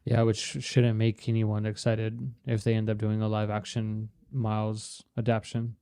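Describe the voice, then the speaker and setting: A man co-hosting a podcast, talking in a relaxed, matter-of-fact way and swearing casually. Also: fairly low pitch, normal speed, clear, resonant tone. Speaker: podcast co-host. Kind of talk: casual chat.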